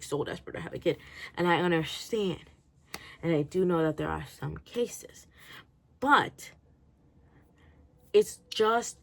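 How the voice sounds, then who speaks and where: A woman vlogger giving a rambling book review, swearing freely and often breaking into laughter. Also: fairly low pitch.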